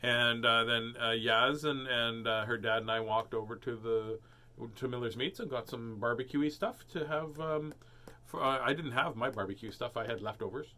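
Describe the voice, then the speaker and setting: A man's voice: medium pitch, moderate pace, sharp tone. A man casually chatting and reading a picture book aloud, breaking into dramatic lines for the characters. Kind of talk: storybook read-aloud with chat.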